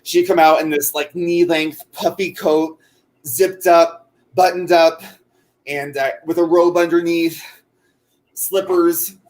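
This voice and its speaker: Chatty man, rambling, slightly high. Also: fairly even intonation, slow, a little mellow. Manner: rambling, many fillers and restarts. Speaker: co-host. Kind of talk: casual chat while crocheting.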